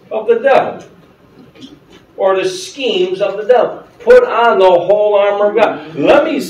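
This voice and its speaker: A man's voice: high voice, a little mellow. A man preaching a conversational sermon as pastor, asking the congregation questions and laughing often. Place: church sanctuary with congregation. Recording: roomy church sound, mic at a distance.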